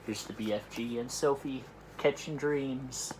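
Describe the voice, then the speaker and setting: A man at a summer camp reading a children's book aloud in a lively, expressive way. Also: medium pitch, moderate pace, slight background noise, poor audio. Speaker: camp storyteller.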